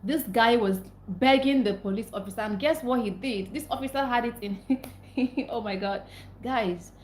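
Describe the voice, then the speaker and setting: A woman's voice: a little high, normal speed, darkish tone, roomy sound, slight background noise. A young woman, venting angrily and repeating herself as she talks to her livestream viewers. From Nigeria. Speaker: livestream host. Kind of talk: casual live stream rant.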